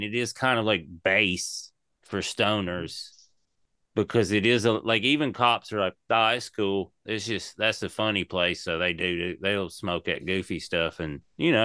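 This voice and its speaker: A man's voice: fairly low pitch, clean tone, dry recording, clean studio sound. A man co-hosting a casual podcast, telling stories animatedly and riffing with jokes. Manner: animated storyteller, jokey riffs. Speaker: podcast co-host.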